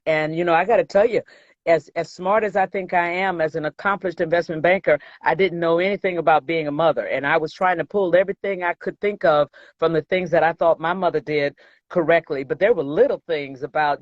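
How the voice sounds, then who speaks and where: A woman's voice: lowish voice, no room sound. Emphatic storytelling woman, dry dull sound. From American South. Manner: emphatic, acts out quoted dialogue. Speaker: guest, investment banker. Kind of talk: storytelling in an interview.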